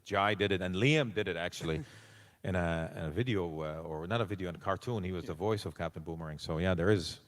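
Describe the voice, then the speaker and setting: A man, a guest actor on a convention panel, telling stories and acting out the voices of people he quotes. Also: quick pace. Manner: animated, acts out quoted voices with big pitch jumps. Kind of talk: anecdotal storytelling on stage. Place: large convention panel room. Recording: reverberant live panel hall.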